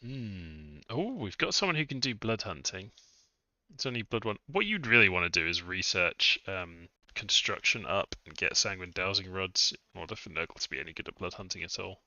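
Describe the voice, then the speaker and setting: A low-pitched man with a very bright, forward tone talks through a game session in a loose, chatty way, muttering asides and poking fun at himself. The sound is dry and close, a little dull and lo-fi, like a basic desk mic. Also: very animated, moderate pace, dry recording. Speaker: game modder streaming a test session. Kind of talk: casual live-stream commentary.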